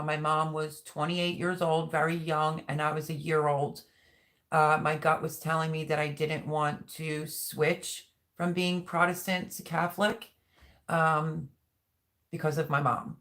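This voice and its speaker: A woman's voice: deep voice, fairly bright tone. A middle-aged woman hosting a live stream, chatting casually and rambling as she reads viewer comments aloud. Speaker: livestream host.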